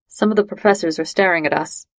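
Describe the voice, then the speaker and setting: A woman voicing a friendly, casual young man who talks in a chatty, lively way. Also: lowish voice, fast talker, dry recording, clean studio sound, natural voice. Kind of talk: fan-fiction audiobook reading.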